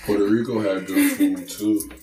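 A man co-hosting a podcast in casual chat, animated and slangy with frequent swearing. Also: on the low side, moderate pace. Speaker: podcast co-host. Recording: roomy sound.

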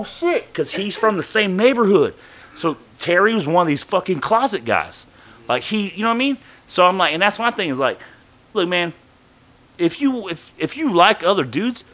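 A man telling a story casually on a podcast, swearing freely and acting out other people's lines. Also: high-pitched. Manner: profane, animated, acts out quoted voices.

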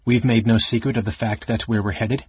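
A man voicing a burly male warrior who speaks gruffly, sometimes pleading and sometimes shouting, in an audiobook reading. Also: lowish voice, fairly even intonation, brisk, no echo. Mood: cool. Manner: gruff, pleading, grows loud. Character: burly male warrior, troubled and quick-tempered. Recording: dull lo-fi audiobook recording.

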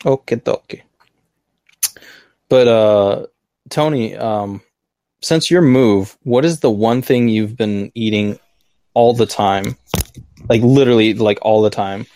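A man's voice: fairly low pitch, slow, long pauses, warm tone, dry recording. An American man hosting a casual video-call chat, easygoing and chatty. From United States. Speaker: podcast host.

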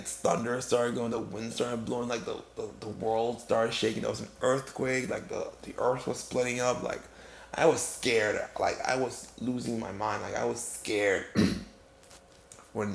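Brief: male comic storyteller, very gravelly voice, loose rambling delivery, echoey room. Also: medium pitch, a little hiss or hum. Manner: casual, filler-heavy, rambling with many restarts. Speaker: comedic storyteller. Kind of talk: rambling comedic monologue.

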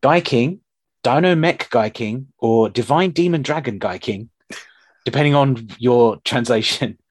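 A man hosting a podcast, chatting casually and retelling childhood cartoons with animated enthusiasm. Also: medium pitch, unhurried, husky. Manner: animated retelling of old cartoons, often laughing. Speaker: podcast host.

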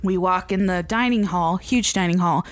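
A woman's voice: lowish voice, moderate pace. A young woman, a former camp counselor, telling a story in casual chat, swearing freely and acting out quotes.

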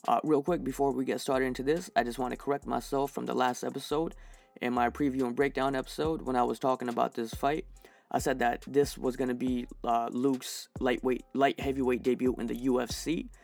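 Gravelly, profane man ranting on a podcast. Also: medium pitch, level tone, a little fast. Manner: profane, heated, many fillers. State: recovering from infection, dehydrated. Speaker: podcast host reviewing fights. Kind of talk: casual solo podcast rant.

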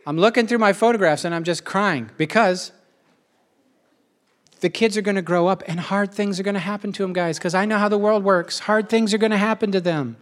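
Rambling, emotional man with a slightly high voice. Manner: rambling, emotional and animated, with quick asides and repetition. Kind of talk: casual spoken monologue.

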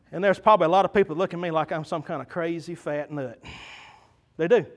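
Male pastor with a high voice, fervent folksy sermon delivery, lots of hesitant fillers. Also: fairly even intonation, fast talker.

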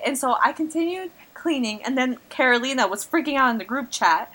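A young woman co-hosting a casual podcast in a bright, sharp voice, a little higher than most. She talks fast and expressively, full of slang. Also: lively intonation. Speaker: podcast co-host. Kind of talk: casual chat.

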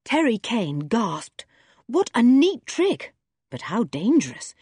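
Lively woman reading a storybook. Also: a little high, slow pace, husky, no echo, studio quality. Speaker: audiobook reader. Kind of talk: storybook narration.

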